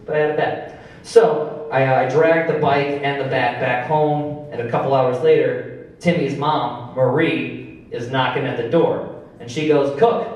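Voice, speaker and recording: A stand-up comedian in a club, talking at an everyday middle pitch. He tells a family story in a loose, deadpan way. The mic sits back from him, so his voice rings around the echoey room. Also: unhurried, recorded from a distance, muffled recording. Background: audience laughter.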